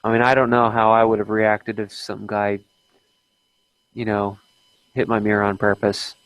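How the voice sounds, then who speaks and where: A man's voice: fairly low pitch, monotone, moderate pace, fairly bright tone, dry recording, rough recording. Guy chatting on a live stream, talks loose and trails off, dry mic. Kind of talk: casual live stream chat.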